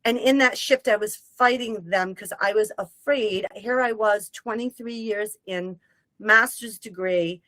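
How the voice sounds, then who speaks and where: A woman, a medium, telling a personal story in casual conversation, emotional and animated, breaking into short sung lines. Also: medium pitch, a little slow, no echo, rough recording. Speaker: guest medium.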